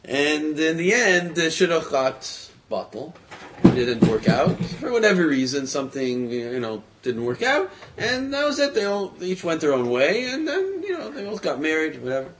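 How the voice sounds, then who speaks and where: A man telling a story in a casual, conversational way, animated as he quotes the people in it. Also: a little high, moderate pace. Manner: conversational, full of fillers and restarts, animated quoting.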